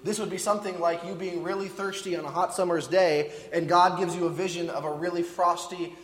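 A man's voice: high voice, fairly even intonation, fairly quick, fairly bright tone. A man preaching a conversational sermon with casual asides, often restarting his words. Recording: echoey hall with long reverb.

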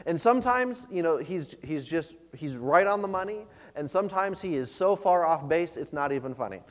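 A pastor giving an earnest, conversational sermon, often repeating words and using fillers. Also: male voice, a little high, lively intonation, moderate pace. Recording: long reverb of a large hall.

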